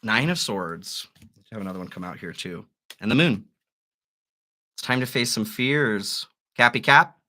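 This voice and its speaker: A man with a bright, forceful tone hosts a live tarot stream. He muses over each card aloud and encourages his listeners gently. His voice sits on the lower side. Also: animated, moderate pace, pauses often. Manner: musing, gently encouraging, with soft laughs. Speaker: tarot reader.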